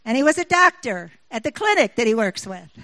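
A woman's voice: a little high, very animated, a little fast, fairly bright tone, dry recording, poor audio. A middle-aged woman preaching a sermon. She moves between scripture reading and personal stories, rising with emphasis when she appeals to her listeners.

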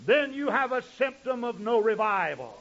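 A man's voice: very high voice, very animated, normal speed, fairly bright tone. A male pastor preaching a sermon, telling stories in long chains of "and" with frequent restarts. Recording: dull lo-fi recording.

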